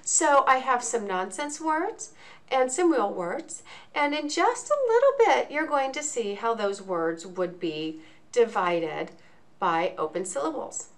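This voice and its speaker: A woman's voice: on the high side, very animated, takes it slowly. Patient woman teacher explaining step by step. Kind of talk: instructional walkthrough.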